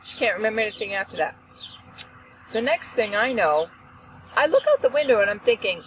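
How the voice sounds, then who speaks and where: Expressive woman hosting a faith talk show. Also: a little fast, long pauses, slight background noise, poor audio. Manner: expressive, acts out quotes with big pitch swings. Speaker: host. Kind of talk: animated storytelling.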